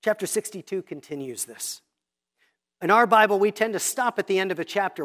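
A pastor giving an expository sermon, reading scripture slowly and deliberately, then explaining it in a teacherly way and pointing out repeated themes. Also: mid-range voice, lively intonation.

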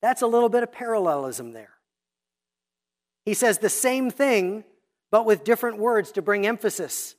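Deliberate preacher teaching through scripture. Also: mid-range voice, animated. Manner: reads scripture slowly and deliberately, then explains; teacherly, points out repeated themes. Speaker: pastor. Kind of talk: expository sermon.

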